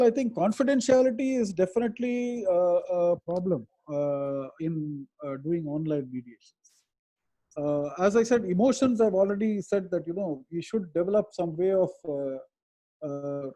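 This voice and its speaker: A man's voice: a little high, mellow. A man, an advocate answering webinar questions in a thoughtful, explanatory way over a video call. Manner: thoughtful, explanatory, with hesitant pauses.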